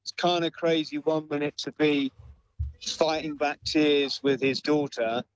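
A man being interviewed about a mountaineering expedition, speaking in a measured way with fillers and pauses. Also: fairly high pitch, level tone, no echo, highs cut off. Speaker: mountaineer guest. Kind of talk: remote interview answers.

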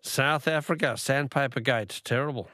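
A man's voice: mid-range voice, normal speed, pushed and bright, dry recording, studio quality. An Australian man hosting a live talkback radio quiz, chatty and coaxing, repeating the question for callers. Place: radio studio.

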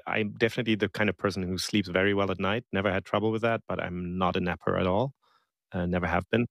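A man's voice: deep voice, fairly even intonation, quick pace, gravelly, a bit bright, no echo, studio quality. A man co-host talking casually in conversation.

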